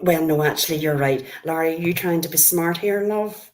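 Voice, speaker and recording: Northern Irish woman, middle-aged, low voice, friendly live-stream chatter. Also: moderate pace. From Northern Ireland. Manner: chatty, greets viewers by name, calls them love. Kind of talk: casual live-stream chat with viewers.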